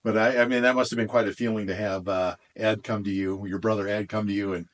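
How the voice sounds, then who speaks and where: A man with a fairly low voice hosts the interview. He asks relaxed, chatty questions and often chips in with short agreeing words while his guest talks. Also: fast talker. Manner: frequent short affirmations, conversational questions. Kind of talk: casual interview.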